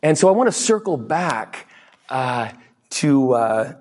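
A man giving a conversational sermon as a guest preacher, telling chatty anecdotes and quoting people in lively voices. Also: mid-range voice, slow.

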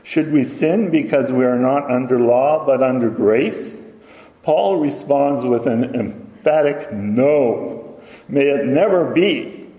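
A man preaches at a slow, deliberate pace, reading scripture aloud and sometimes stumbling and correcting himself. His voice is mellow and dark. The recording is roomy, with a long reverb trailing behind his words. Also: medium pitch. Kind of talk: sermon. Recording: echoey hall with long reverb.

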